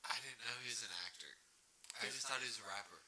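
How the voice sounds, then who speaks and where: A young man co-hosting a casual podcast chat, tossing off deadpan jokes. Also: medium pitch, fast. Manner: deadpan one-liners, jokey. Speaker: podcast co-host. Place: podcast studio.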